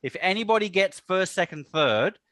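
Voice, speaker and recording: A man hosts a casual podcast, quick with agreeing interjections and jokes. His voice is bright and a touch high. The sound is dry and close. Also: lively intonation, no echo. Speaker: podcast host. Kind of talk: casual chat.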